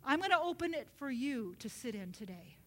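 Woman preacher, high voice, earnest and animated, shifts into whispered prayer. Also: a little fast. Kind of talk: sermon.

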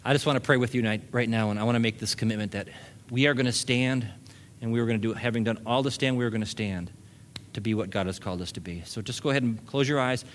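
A man's voice: mid-range voice, fast, slight background noise. Male pastor, mid-range voice, sermon delivery with rising emphasis and easy asides.

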